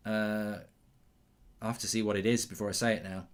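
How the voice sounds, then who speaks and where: A man's voice: on the low side, little pitch movement, fairly quick. A middle-aged man hosting a live football watchalong, chatting loosely, reacting to the match as it happens and reading out viewer comments.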